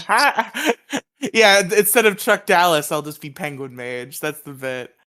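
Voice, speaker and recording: A man's voice: high voice, a little slow, bright, forceful tone. A man co-hosting a casual podcast chat, stammering through restarts and laughing often. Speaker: podcast co-host.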